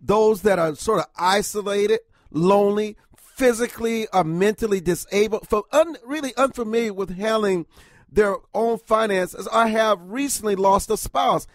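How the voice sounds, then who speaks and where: High-voiced earnest radio host man. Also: moderate pace, dry recording. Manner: earnest, emphatic, lists points. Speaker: radio talk show host. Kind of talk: talk radio discussion.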